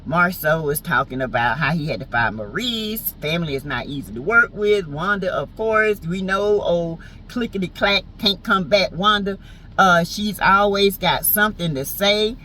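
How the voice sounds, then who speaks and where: A woman's voice: lowish voice, moderate pace, sharp tone, slight background noise, poor audio. A woman with a Southern US accent giving a sassy, teasing, slangy recap of a reality show in casual chat. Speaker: TV show reviewer.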